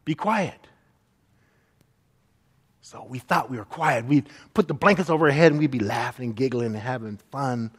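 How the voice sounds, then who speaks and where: A man's voice: medium pitch, brisk, hardly any pauses, husky, long reverb tail. A man preaching a sermon as pastor, earnest, and often acting out the people he quotes.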